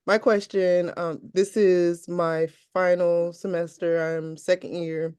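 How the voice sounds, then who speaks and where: A woman with a clear, smooth voice asks a question in a meeting as a student. She is hesitant and uses many fillers, and her voice sounds close and dry. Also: on the low side, dark tone, no echo. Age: adult, parent.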